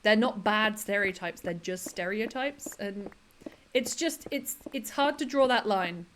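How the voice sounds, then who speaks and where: A woman's voice: mid-range voice, a little slow, a bit bright, slight background noise. A woman chatting casually on a livestream, laughing often and quoting comedy lines. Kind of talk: casual chat with chat while gaming.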